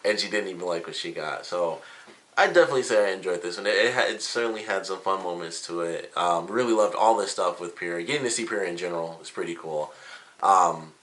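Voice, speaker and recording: A young man talks through a cartoon episode in an easygoing, enthusiastic review. His voice sits fairly low but has a bright, forceful ring to it. He keeps it loose, with plenty of "like" and "you know" along the way. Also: quick pace. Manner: chatty, upbeat, many "like" and "you know" fillers. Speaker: show reviewer.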